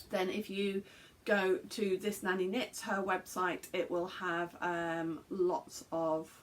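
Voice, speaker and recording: A woman's voice: medium pitch, fairly bright tone, a little hiss or hum. A middle-aged woman from England, chatting casually to camera as a knitting podcaster, rambling and self-deprecating with plenty of asides.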